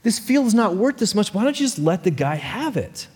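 A man's voice: high voice, sing-song, normal speed, a little mellow, slightly rough, pitched above the performer's own voice, full character voice. A man voicing a farm wife who pleads with her husband in disbelief. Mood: pleading. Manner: pleading, incredulous.

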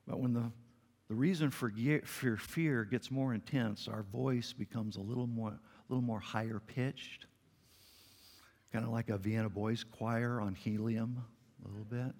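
A man's voice: medium pitch, moderate pace, long reverb tail. A middle-aged man preaching a sermon in a church, earnest and conversational with touches of light humor. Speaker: pastor. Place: church sanctuary.

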